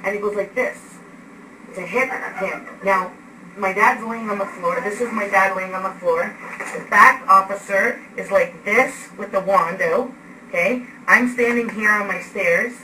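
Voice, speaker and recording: Bright-voiced woman in a roomy house. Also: medium pitch, measured pace. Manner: animated, acts out events with gestures. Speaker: eyewitness recounting an arrest. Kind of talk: agitated spoken account. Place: indoors at home. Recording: echoey room, distant mic, background noise.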